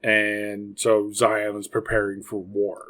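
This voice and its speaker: A man's voice: fairly low pitch, completely flat delivery, slow pace, fairly bright tone. A man with a Canadian accent hosting a movie podcast, chatting casually and joking, acting out little scenes and laughing often. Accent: Canadian English. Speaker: podcast host. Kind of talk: casual chat about a movie.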